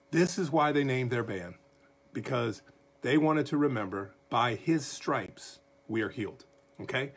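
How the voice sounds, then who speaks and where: A man leading a livestreamed Bible study as pastor, folksy and animated, talking straight to his viewers. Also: medium pitch, husky.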